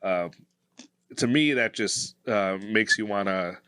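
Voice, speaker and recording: A man co-hosting a podcast as a police officer, speaking in a halting way with many pauses and fillers. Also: fairly low pitch, sharp tone, clean tone, no echo. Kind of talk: casual podcast chat.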